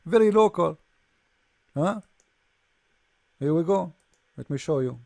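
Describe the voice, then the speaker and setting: Male host, high voice, dry close sound, sarcastic and mocking, frequent restarts. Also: expressive, takes it slowly, vocal fry, mellow, no room sound. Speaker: debate show host. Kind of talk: polemical commentary reading from a screen.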